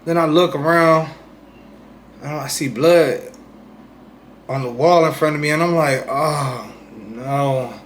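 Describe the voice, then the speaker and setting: A young man rambling through a personal story in casual vlog talk, often asking "you know what I'm saying", swinging between loud bursts and quiet asides. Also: fairly high pitch, unhurried, pauses often, a little hiss or hum. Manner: animated retelling, swings loud and soft. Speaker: streamer telling his own story.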